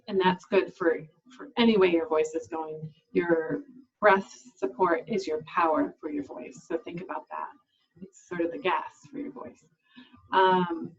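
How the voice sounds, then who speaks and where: A woman's voice: lowish voice, a little mellow, husky, muffled recording. A woman speech language pathologist giving an explanatory talk to camera, with frequent fillers and restarts.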